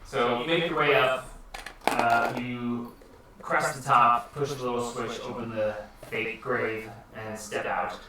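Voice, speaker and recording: A man narrating a tabletop game as game master, in an animated way. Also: medium pitch, takes it slowly, noisy background. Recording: echoey room, far from mic.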